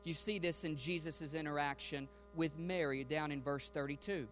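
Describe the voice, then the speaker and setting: A man preaching a sermon to a congregation. He swings from hushed, quiet passages to loud, fervent ones and asks the listeners direct questions. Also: on the high side, steady tone, normal speed, soft background music. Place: church sanctuary.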